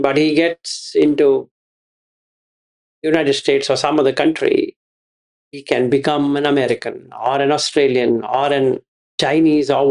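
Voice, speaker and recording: Gravelly-voiced man giving a Buddhist teaching. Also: on the high side, a little mellow. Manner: repeats phrases and asks rhetorical questions. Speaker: meditation teacher.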